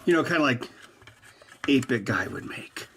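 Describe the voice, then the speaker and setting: A man's voice: medium pitch, animated, normal speed, noisy background. A man hosting a casual livestream while he works, rambling along with dry, teasing humor. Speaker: host of a hardware hacking stream.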